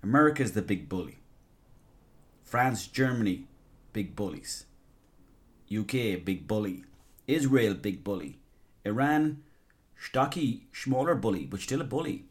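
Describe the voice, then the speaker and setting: A man's voice: lowish voice, expressive, measured pace. An Irish man hosting a podcast, talking in a casual, rambling, sweary and jokey monologue. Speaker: podcast host.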